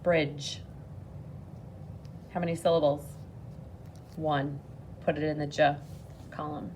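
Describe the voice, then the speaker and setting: Woman teacher doing a phonics lesson, slow and patient, kinda low voice. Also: flat delivery, a little mellow, a little hiss or hum. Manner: patient, encouraging, slow and clear.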